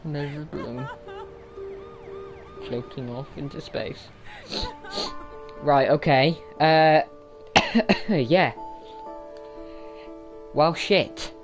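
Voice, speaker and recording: A man commentating his gameplay with loud, excitable reactions and swearing. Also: a little high, extremely slow, pauses often, lo-fi sound, music in the background. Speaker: gaming YouTuber. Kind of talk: let's-play commentary.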